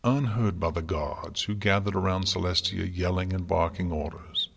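A man reading a dramatic story aloud in a slow, measured way, with a long reverb around him. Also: low-pitched, fairly even intonation, gravelly, husky. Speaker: narrator.

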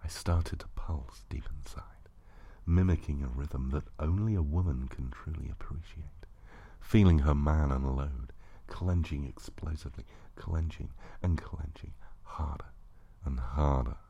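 A man narrating an intimate erotic audio story in a slow, hushed voice that often drops to a breathy whisper. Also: extremely low pitch, highs cut off.

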